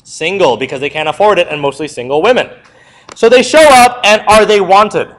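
A man's voice: high-pitched, normal speed, poor audio. A young adult male history teacher giving a classroom review lecture, quizzing the students and answering his own questions. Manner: lively, asks the class questions and answers them himself.

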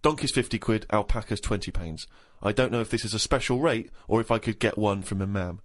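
A man's voice: lowish voice, a little fast. A man hosting a podcast, reading a diary aloud in a giggly, mocking way. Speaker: podcast host.

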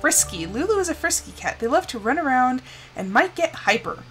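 A young woman giving casual live commentary on a life-sim game, chatty and scolding her characters with bursts of excitement. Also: high-pitched, fairly quick, soft background music, rough recording.

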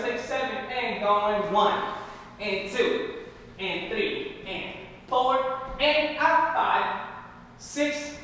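Upbeat dance teacher counting beats, echoey studio. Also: male voice, high voice, bright, forceful tone, slight background noise. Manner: upbeat, counts beats in a sing-song rhythm. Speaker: hip hop dance teacher. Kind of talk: counting and cueing a dance class. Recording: echoey hall, voice from far off.

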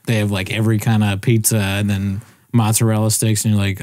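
A man's voice: on the low side, flat delivery, brisk, darkish tone. A young man co-hosting a podcast, chatting casually in a joking, laid-back way with plenty of swearing. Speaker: podcast co-host. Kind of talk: casual chat.

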